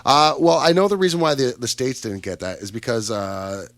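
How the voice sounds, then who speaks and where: A man's voice: mid-range voice, big pitch swings, moderate pace, a bit bright, no room sound. A Canadian man hosting a casual radio chat show, upbeat and chatty with lots of fillers and asides. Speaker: radio host. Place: radio studio.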